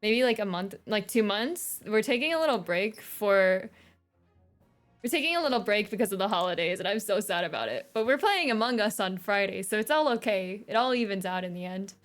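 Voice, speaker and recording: A woman's voice: medium pitch, expressive, brisk, soft background music. A young woman streaming a game, chatting casually and giggling as she reads dialogue aloud. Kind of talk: casual chat while playing a game.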